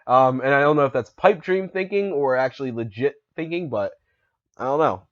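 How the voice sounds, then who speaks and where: A man co-hosting a casual gaming news chat, telling stories quickly and acting out quotes. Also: mid-range voice, muffled recording. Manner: rapid, animated storytelling with acted-out quotes. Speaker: co-host.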